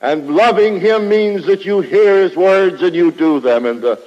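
Slow, deliberate male preacher in a reverberant hall. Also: high voice, darkish tone, highs cut off. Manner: emphatic, repetitive preaching cadence. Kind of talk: sermon. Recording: long reverb of a large hall.

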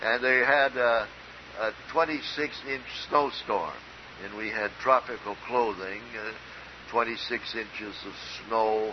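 An older man from Minnesota preaching a sermon in an earnest, emphatic way, with storytelling asides. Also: medium pitch. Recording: dull lo-fi recording with faint hiss.

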